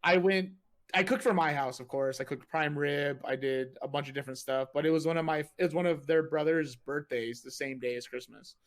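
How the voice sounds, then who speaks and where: Rambling man with a higher voice. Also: fairly even intonation, fairly quick. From United States. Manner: rambling, lots of "like" and "you know". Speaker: podcast host and streamer. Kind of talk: casual podcast chat.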